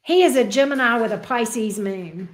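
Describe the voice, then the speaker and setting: A middle-aged woman reads tarot on a livestream, keeping up casual, playful talk with viewers and laughing often. Her voice is fairly high and animated, at a normal speed.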